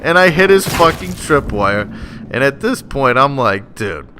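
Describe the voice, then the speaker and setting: A man giving gameplay commentary as a voice-over, excitable and swearing freely as he rants about the match. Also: medium pitch, a little slow. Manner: excitable, profane, frustrated ranting. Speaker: gaming channel host. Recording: noisy background.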